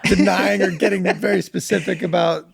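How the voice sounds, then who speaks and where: A man co-hosting a podcast, telling quick joking stories in casual chat. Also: sits high, fairly even intonation, gravelly, a crowd in the background. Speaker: podcast co-host.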